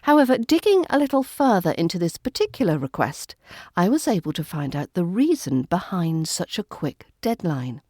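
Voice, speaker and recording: A woman with a British RP accent teaching pronunciation in a podcast lesson, saying each sound slowly and carefully. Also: on the low side, sing-song, warm tone, no echo, clean studio sound. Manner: slow, careful enunciation of single sounds. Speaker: accent coach.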